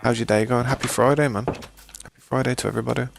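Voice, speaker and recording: A British man streams a game live with a quick, steady, mid-range voice that turns creaky, and there's noise behind him. He chats casually with viewers, often restarting sentences and calling them mate and boys.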